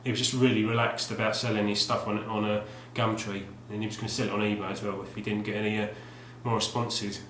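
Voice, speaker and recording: The speaker is a retro game collector vlogger, male, talking quickly with few pauses in a lowish, level, fairly bright voice. Casually describing a game he picked up, he rambles, leans on fillers, and often starts sentences over. Expect a roomy echo with a faint background hum.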